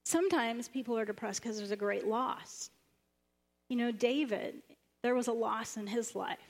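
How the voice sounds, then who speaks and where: Animated woman pastor preaching. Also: moderate pace, vocal fry. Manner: animated, acts out the prophet's lines with sudden high bursts. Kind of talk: sermon.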